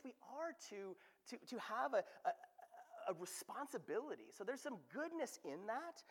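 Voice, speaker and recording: A young adult man preaching a sermon to his church, conversational and animated, often asking "right?". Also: high-pitched. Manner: animated, conversational, frequent restarts and "right?" asides. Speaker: pastor. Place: church sanctuary. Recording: long hall reverb.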